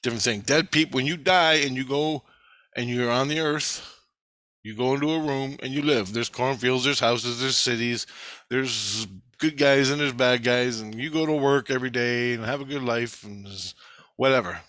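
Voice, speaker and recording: Man, rambling dream storyteller, sharp bright tone, swears a lot, circles back on himself, dry close sound. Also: mid-range voice, moderate pace, dry recording. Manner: excitable, profane, repetitive storytelling. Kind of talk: rambling first-person dream account.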